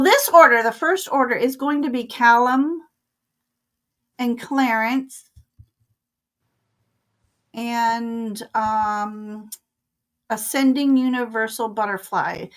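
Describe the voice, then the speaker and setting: A woman's voice: fairly high pitch, takes it slowly, pauses often, a bit bright. An older woman hosting a live tarot stream, chatting casually and laughing often.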